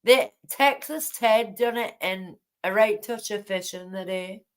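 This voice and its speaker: Her voice is smooth and medium-pitched, a little slow, as she hosts a late-night livestream from home. She rambles indignantly while chatting with viewers and greeting them by name.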